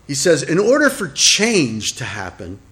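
A man preaching a sermon in a relaxed, conversational way. He asks the congregation questions and adds self-deprecating asides. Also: on the high side, a little slow. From Italian heritage. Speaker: pastor.

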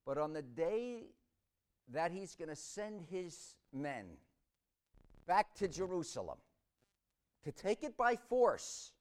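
Male preacher, animated and dramatic, a bit high-pitched, swings from quiet to shouting. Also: slow pace, long pauses. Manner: swings between hushed reflection and loud shouting; dramatic storytelling delivery. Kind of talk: sermon.

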